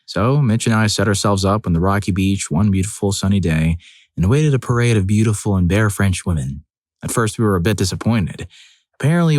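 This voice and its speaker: A man's voice: lowish voice, a little mellow, no echo. A man narrating reader-submitted stories in a scripted storytelling style, acting out the quoted lines, with wry asides.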